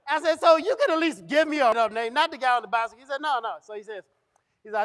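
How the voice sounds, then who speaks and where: A man with a strikingly high voice tells a comic story to a live audience. He is middle-aged and animated, jumping into the voices of the people he quotes. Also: quick pace. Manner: animated, acts out dialogue. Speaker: comedian. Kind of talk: comedic storytelling. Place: event stage.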